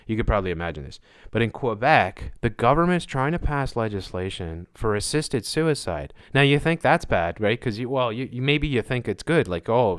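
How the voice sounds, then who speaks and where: A man hosting his own podcast, delivering a sarcastic, mocking opinion monologue and laughing at his own jokes. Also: fairly low pitch. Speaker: podcast host.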